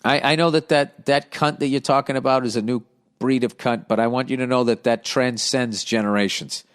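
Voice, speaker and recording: A middle-aged man hosting a comedy podcast, reading listener letters aloud and answering them in a blunt, profane, animated rant. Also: mid-range voice, fairly quick, clear, resonant tone. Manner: blunt profane ranting with lively animated swings.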